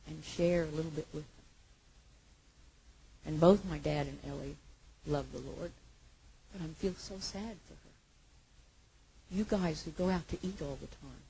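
A woman preaching a sermon with passion, her voice moving between hushed and loud. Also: deep voice, slight background noise, rough recording.

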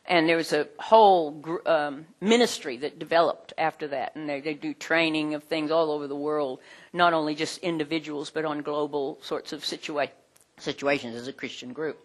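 A middle-aged woman teaching a group in a conversational way, animated, with many fillers. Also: sits low, moderate pace. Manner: animated, acts out quoted voices, frequent fillers.

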